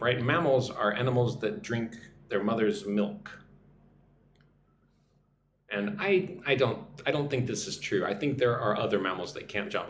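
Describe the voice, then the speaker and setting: A man's voice: medium pitch, slight background noise. A man teaching a live English lesson, musing aloud and chatting with viewers as he reads their comments. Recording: echoey room with faint ambience.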